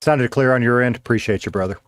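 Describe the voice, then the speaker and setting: A man's voice: mid-range voice, quick pace. A man streaming a game, rambling casually, thinking aloud and chatting with his viewers through a streaming mic. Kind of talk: casual live-stream chatter while gaming. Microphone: streaming mic with noise gate.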